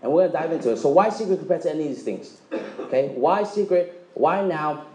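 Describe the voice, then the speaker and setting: At a direct-sales meeting, a male presenter gives a motivational sales pitch to a live crowd in a high, bouncy, animated voice whose tone is mellow and dark-edged rather than sharp. He cracks jokes, quizzes the audience, and acts out quick dialogues. The room sounds echoey, like a meeting room.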